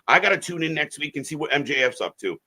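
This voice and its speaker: A man's voice: a little high, sing-song, fast, pushed and bright. A man co-hosting a live wrestling watch-along stream, giving opinionated, rambling takes with frequent restarts.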